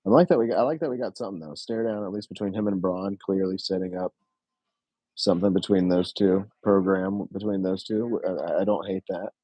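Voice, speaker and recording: Excitable man reacting live, dark husky voice. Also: sits low, no room sound, low-quality recording. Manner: excitable, frequent drawn-out oohs, casual swearing. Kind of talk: casual live reaction commentary.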